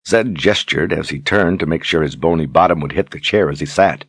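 A man narrates a fantasy audiobook with a steady, measured delivery. His voice sits very low with a husky grain. The sound is dry and close. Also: no echo. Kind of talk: scripted narration.

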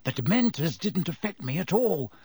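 A man voicing an eager teenage boy who talks earnestly and excitedly. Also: on the high side, moderate pace, husky, no echo, full character voice.

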